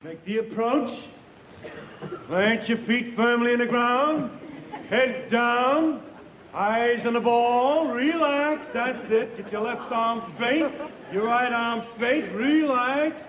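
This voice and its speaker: A fussy man drills someone through a golf swing in a very high, slow-drawn voice. The sound is an old television recording, dull and echoing, with faint noise behind it. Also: recorded from a distance. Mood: instructing.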